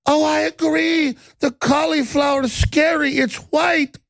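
A man mocking a woman politician with a high, drawn-out, wailing voice and a put-on Latin American accent. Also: fairly even intonation, vocal fry, fairly bright tone, no echo, full character voice.

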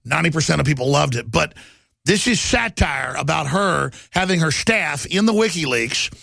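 A man's voice: on the high side, creaky, pushed and bright, no room sound. A man hosting a talk show, delivering a combative, ranting monologue. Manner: combative, ranting, rising to outbursts.

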